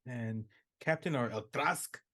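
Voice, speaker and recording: A man's voice: mid-range voice, takes it slowly, bright, forceful tone. A man narrating as game master in a casual, rambling way full of fillers.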